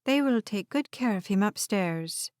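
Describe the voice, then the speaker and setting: A woman voicing a calm, formal female hospital doctor who speaks quietly and in a measured way. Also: medium pitch, dry recording, clean studio sound, lightly acted.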